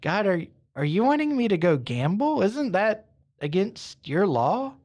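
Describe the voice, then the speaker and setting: A man's voice: a little high, expressive, a little slow. A man voicing a confused, nervous believer who pleads with hesitant, stammering restarts. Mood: pleading. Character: confused, nervous, faithful man gambling on a prayer.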